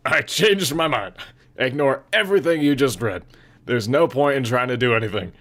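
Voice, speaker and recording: A man voicing a cold, controlling teenage girl, speaking slowly and insistently. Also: mid-range voice, lively intonation, a bit bright.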